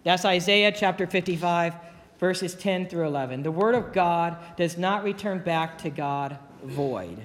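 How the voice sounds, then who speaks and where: A male pastor delivers a folksy, story-driven sermon in a church sanctuary, doing voices for the people in his anecdotes. He speaks high-pitched and a little slowly, and the recording carries long church reverb.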